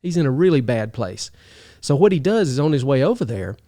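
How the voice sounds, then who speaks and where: A man hosting a video who tells a story in casual talk, animated, chuckling often and restarting his sentences. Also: medium pitch, fairly quick. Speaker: video host.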